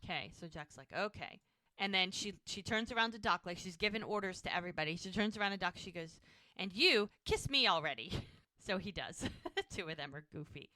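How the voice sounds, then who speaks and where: Woman, podcast host, bright tone, dry close sound, casual retelling, quotes characters. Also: on the low side, brisk, no echo. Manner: retells scenes by quoting characters, with frequent "he's like". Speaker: podcast co-host recapping a TV episode. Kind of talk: casual recap chat.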